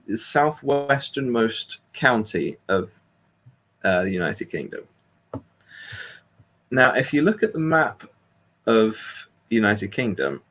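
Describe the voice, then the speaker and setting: A British man in casual chat, explaining at length with frequent restarts. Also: medium pitch. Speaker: co-host.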